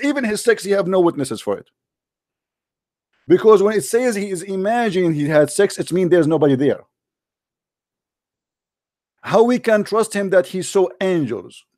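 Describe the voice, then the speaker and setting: A man's voice: sits high, expressive, moderate pace, darkish tone, no room sound, studio quality. A man hosting a heated online debate, mocking and combative, often talking over his opponent. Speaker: debate host.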